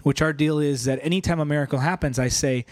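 A young man preaching a sermon, telling stories in an animated, conversational way. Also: a little high, fast. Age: young adult. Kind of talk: sermon storytelling.

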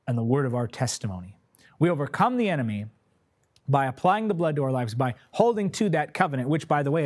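A man preaching a sermon in a repetitive, declarative cadence, then praying fervently for listeners. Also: a little high. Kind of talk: sermon with closing prayer.

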